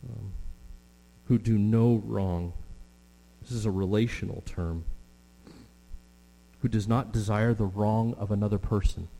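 A middle-aged man preaching a sermon with earnest, drawn-out emphasis and frequent fillers. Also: lowish voice, steady tone, vocal fry, warm tone. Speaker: pastor. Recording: long hall reverb with mains hum.

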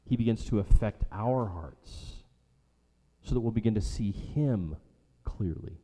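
A man's voice: fairly low pitch, expressive, measured pace, dark tone. A man preaching a sermon as a pastor, emphatic and rhetorical, repeating his key lines for weight. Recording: long hall reverb.

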